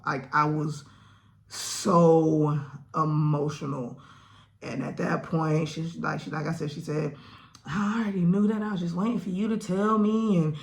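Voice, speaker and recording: A young woman chats straight to her camera in a casual vlog. She tells her story in loose, slangy talk. Her pitch and volume rise and fall a lot as she gets into it. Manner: animated, slangy storytelling with big swings in pitch and loudness. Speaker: vlogger.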